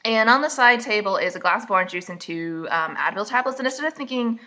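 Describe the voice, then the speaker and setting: Snarky woman with a bright voice. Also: medium pitch, expressive, fast talker, few pauses. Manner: snarky, mocking asides; casual and rambling, with many fillers. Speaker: vlogger. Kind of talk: sarcastic book recap.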